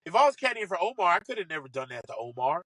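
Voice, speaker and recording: A man telling stories from his caddying days in an animated way, acting out what other people said. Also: sits high, no room sound, rough recording. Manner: fast, excitable, acts out other people's quotes. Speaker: podcast guest, former caddy. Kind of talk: animated storytelling.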